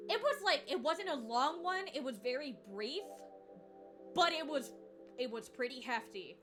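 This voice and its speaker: A high-pitched young woman chats casually on a stream. She rambles and swears through her stories, breaking into laughs, with clear music playing behind her. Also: lively intonation, measured pace. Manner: profane, rambling, laughs often. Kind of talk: casual chat storytelling.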